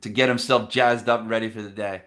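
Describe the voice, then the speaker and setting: A man hosting a podcast interview, telling stories in an animated way and acting out what people said. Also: on the low side, a little fast. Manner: animated storyteller, acts out quoted speech. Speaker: podcast host. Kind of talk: casual interview chat.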